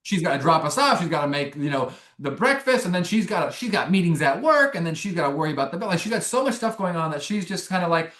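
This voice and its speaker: A young man, a filmmaker guest, telling a long story in a rambling, animated way with many restarts. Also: a little high, fast talker, few pauses, echoey room. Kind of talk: casual interview storytelling.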